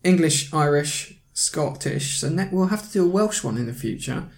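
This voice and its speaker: A man's voice: fairly high pitch, lively intonation, moderate pace. A man hosting a casual podcast, chatty and teasing, correcting his co-host as they talk. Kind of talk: casual chat.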